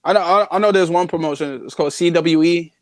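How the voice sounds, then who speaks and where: A man's voice: on the high side, quick pace, no echo, studio quality. A young man, a wrestler, talking in a casual live podcast interview, boastful and playful. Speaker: guest wrestler.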